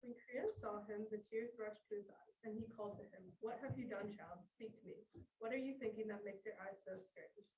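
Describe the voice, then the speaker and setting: A woman reading the part of a messenger who tells a queen grim news, in a classroom play reading, with a plain, steady read-aloud delivery. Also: medium pitch, a little fast, lo-fi sound, close to an everyday voice. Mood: grave. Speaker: student reader. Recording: echoey room, far from mic.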